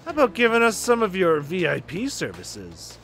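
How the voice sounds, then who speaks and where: A crude, sneering young thug, played by a man reading a game's lines who talks in a high, lively, pushy voice. His tone is bright and mocking, and faint music plays under him. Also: normal speed, heavily acted. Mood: leering. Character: sleazy, rude young male street thug.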